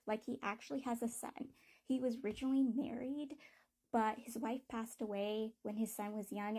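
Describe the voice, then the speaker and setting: A woman's voice: a little high, warm tone. Blunt, profane woman ranting about a book. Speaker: book reviewer. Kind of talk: casual book review rant.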